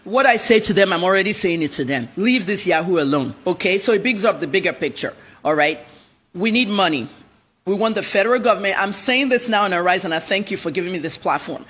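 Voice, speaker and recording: A woman journalist from Nigeria, a guest on a TV interview, telling her story in a blunt, rapid-fire way. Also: mid-range voice, animated, a bit bright, husky. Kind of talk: TV interview commentary.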